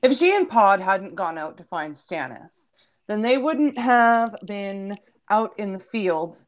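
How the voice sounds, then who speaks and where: A woman's voice: medium pitch, animated, lo-fi sound. A woman in a casual fan discussion of a TV episode, eager, laughing easily and jumping in to add her view. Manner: eager, quick to laugh and interject.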